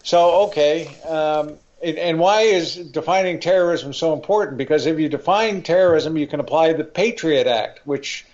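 An older man speaks as a guest on political talk radio, with a somewhat high voice. He rambles, stumbles over his words and restarts, but stays firmly opinionated. His line sounds muffled and lo-fi. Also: normal speed, hardly any pauses, darkish tone. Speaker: guest writer.

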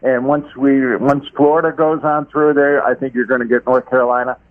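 A caller from Florida phones into a talk show over a tinny line, his mid-range voice steady in tone and brisk. It's a casual phone interview, and he leans on lots of fillers and repeats his words.

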